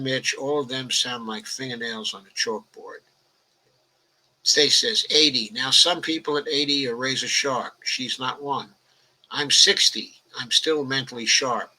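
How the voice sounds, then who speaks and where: An elderly man in his 80s from the Bronx, New York, hosts a political livestream, his medium-pitched voice bright and forceful on a rough recording. He reads viewer comments aloud and answers them in a rambling, conversational way, peppered with "okay" and "uh."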